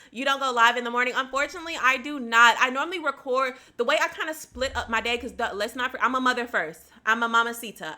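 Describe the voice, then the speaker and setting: A woman's voice: a little high, fast, few pauses, pushed and bright. A young woman, chatting casually on a home livestream, laughing often and addressing viewers by name.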